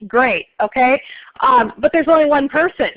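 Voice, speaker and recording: A woman teaching an accounting class, briskly polling students and explaining answers. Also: high voice, dry recording, phone-quality sound. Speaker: accounting instructor. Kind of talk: classroom lecture.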